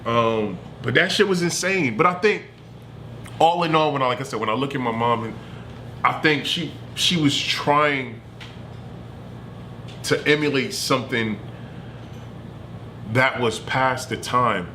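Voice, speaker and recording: A man streaming from home, telling a family story in a loose, animated and profane way. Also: medium pitch, unhurried, pauses often, slight background noise. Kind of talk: casual storytelling.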